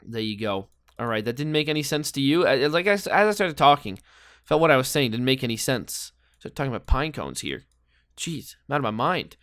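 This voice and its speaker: A man's voice: medium pitch, big pitch swings, fairly quick, a bit bright, no room sound, studio quality. A man giving casual, rambling commentary while playing a guessing game, joking and thinking aloud. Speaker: gameplay commentator.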